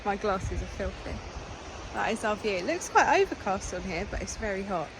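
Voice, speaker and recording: A woman hosting a casual travel vlog, chatty and excitable with quick asides, filming on a handheld camera. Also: medium pitch. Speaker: vlogger. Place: in a campervan on the road and outdoors. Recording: loud road and wind noise.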